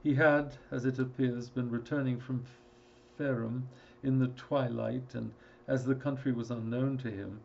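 Gravelly male audiobook narrator. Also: medium pitch, fairly even intonation, moderate pace, darkish tone, muffled recording, a little hiss or hum. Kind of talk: scripted narration.

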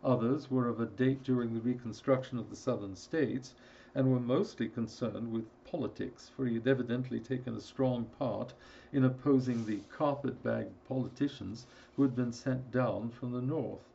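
A man narrating a classic story in a steady, measured storytelling voice. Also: medium pitch, vocal fry, lo-fi sound, slight background noise. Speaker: audiobook narrator. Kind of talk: scripted narration.

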